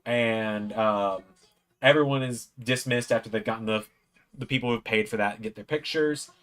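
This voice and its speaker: A man's voice: on the low side, normal speed, fairly bright tone. A man hosting a watch-along, telling a long personal story in a casual, rambling way from a room at home. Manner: rambling anecdote, acts out quoted lines in a raised voice.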